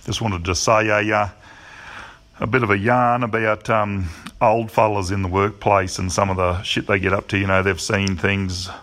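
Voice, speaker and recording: A middle-aged man with a Queensland accent tells a yarn in an easygoing, swearing way. His voice sits fairly low. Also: flat delivery, moderate pace, a bit bright. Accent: Australian, Queensland. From Australia. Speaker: caller.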